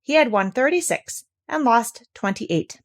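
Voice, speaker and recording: A woman reading a children's storybook aloud, gentle and expressive. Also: a little high, measured pace.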